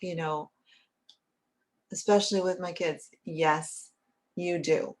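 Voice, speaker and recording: A woman's voice: fairly low pitch, fairly even intonation, slow pace, pauses often. A middle-aged woman therapist talking in a conversational, earnest way, often checking in with "right?". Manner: earnest, often asks "right?" and acts out little quotes. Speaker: licensed therapist and author. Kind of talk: conversational teaching talk.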